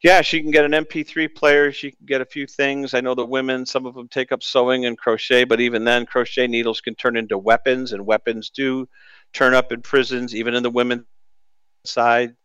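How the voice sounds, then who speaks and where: A man hosts a late-night sports radio show and tells a personal story in a candid, conversational way. His voice sounds smooth and resonant at a middle pitch. It is close-miked and dry, with no room around it. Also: little pitch movement, fairly quick, fairly bright tone, dry recording, muffled recording. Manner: candid and storytelling, with rueful laughs. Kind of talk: casual radio monologue.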